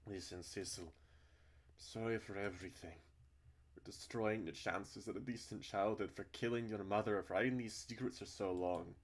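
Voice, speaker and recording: Man doing a guilt-ridden uncle, deep voice, self-pitying, anguished. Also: moderate pace, natural voice. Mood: remorseful. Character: guilt-ridden self-loathing middle-aged uncle, male.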